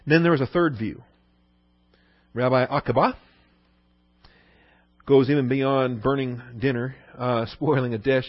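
A man's voice: mid-range voice, fairly even intonation, unhurried, long pauses, no room sound, muffled recording. A man teaching a Bible lesson in a conversational sermon style, often asking the listeners "okay?". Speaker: pastor.

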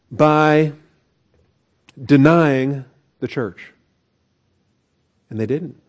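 A man's voice: mid-range voice, moderate pace, pauses often, dark tone, dull audio. A man preaching a conversational sermon as pastor, with asides and chuckles.

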